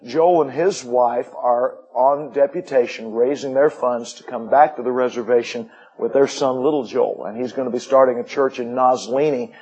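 A man's voice: medium pitch, normal speed, few pauses, a little mellow, slightly rough, highs cut off. A middle-aged man giving a missionary report to a church, folksy, with joking asides. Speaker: missionary preacher.

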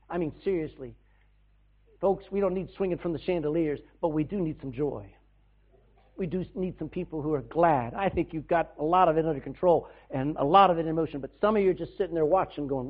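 Folksy preacher man on a tinny recording. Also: on the high side. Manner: folksy, rising to loud bursts and dropping to soft asides. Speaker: pastor. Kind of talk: sermon. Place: church. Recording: tinny, phone-like band.

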